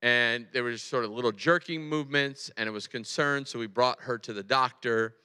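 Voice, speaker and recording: A man in his forties preaching a sermon in a large hall, conversational and animated, often checking in with his listeners. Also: mid-range voice, brisk, smooth. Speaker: pastor. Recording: long hall reverb.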